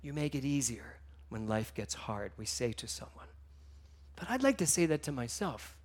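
A man giving a sermon, telling stories with emotion, moving between hushed and loud passages. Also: mid-range voice, sing-song, normal speed. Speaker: minister.

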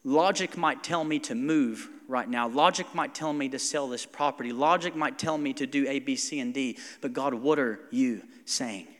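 A man, a pastor preaching a conversational, animated sermon and acting out quotes. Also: mid-range voice, moderate pace, few pauses, in a large hall.

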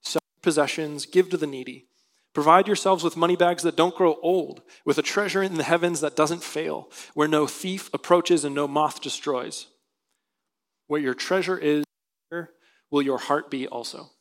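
A man's voice: a little high, steady tone, moderate pace. A male pastor preaching a sermon, reading scripture aloud and explaining it earnestly. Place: church sanctuary.

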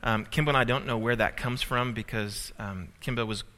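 A man's voice: medium pitch, steady tone, a little fast, pushed and bright. A man preaching a sermon as pastor, telling a family story with humor and building emphasis. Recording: reverberant hall.

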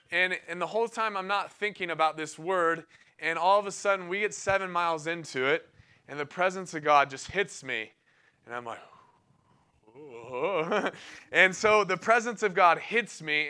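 Young male preacher, casual and excitable, clear bright voice, laughs a lot mid-story. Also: high-pitched, moderate pace. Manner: casual and enthusiastic, laughing often between phrases. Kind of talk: sermon with personal storytelling.

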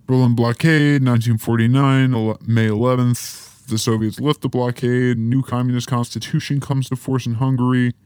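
A man's voice: mid-range voice, steady tone, moderate pace, hardly any pauses, a little mellow, smooth, no room sound. A man hosting a podcast, reading through a history timeline and breaking off with offhand, joking asides. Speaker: podcast host. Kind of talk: casual podcast history rundown.

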